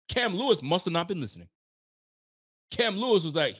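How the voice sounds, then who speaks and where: A man's voice: high-pitched, big pitch swings, fairly quick, long pauses, a bit bright, slightly rough. A young man hosting a live sports stream, ranting with frustration and swearing freely, sometimes acting out players' voices. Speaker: livestream host. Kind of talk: animated live sports rant.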